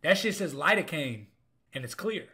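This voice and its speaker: A young man, a comedian, telling a story in a casual, animated and profane way, with punchy lines. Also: fairly high pitch, normal speed. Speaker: comedian host.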